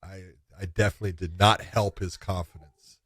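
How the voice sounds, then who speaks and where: Animated storytelling man, dry sound. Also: sits low, brisk, breathy edge, no room sound. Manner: animated storyteller, acts out quotes. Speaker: podcast co-host. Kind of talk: casual sports chat.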